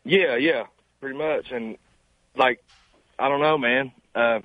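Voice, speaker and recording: A man's voice: mid-range voice, dry recording. Young man, 19, Appalachian Southern accent, humble and hesitant on a dry phone line. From Eastern Kentucky mountains. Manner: humble, halting, says "man" often. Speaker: caller, singer guest. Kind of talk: casual phone interview.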